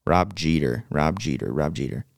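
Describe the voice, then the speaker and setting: A young man co-hosting a sports podcast, casual and animated, often repeating his words as he talks. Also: very deep voice, normal speed, gravelly, no room sound, clean studio sound. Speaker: podcast co-host.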